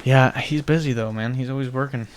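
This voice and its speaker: A man's voice: medium pitch, fairly even intonation, brisk, a little hiss or hum. A young man hosting a casual podcast chat, laid-back and teasing with crude jokes. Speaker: podcast host.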